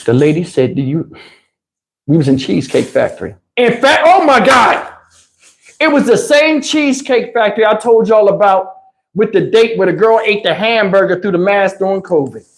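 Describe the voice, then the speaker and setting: A man telling a comic story on a livestream in an animated, emphatic, slangy way, with lots of cursing, into a lapel mic. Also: high-pitched, normal speed. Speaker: livestream host. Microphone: wireless lapel mic.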